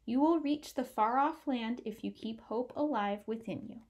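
A woman voicing a kindly magical female frog in a storybook, with a gravelly voice. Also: a little high, normal speed, a little mellow, natural voice. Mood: encouraging. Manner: kindly, encouraging.

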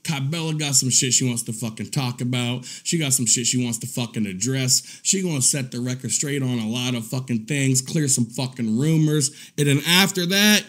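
A man's voice: medium pitch, moderate pace, hardly any pauses, fairly bright tone. A man hosting a livestream, ranting profanely and mockingly about an online creator, often breaking into laughter. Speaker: drama commentary streamer.

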